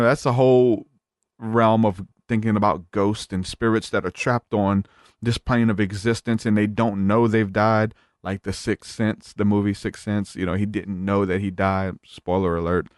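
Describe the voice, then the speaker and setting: A man's voice: lowish voice, no room sound, clean studio sound. A man as a podcast guest, retelling a story in a rambling casual way with many fillers.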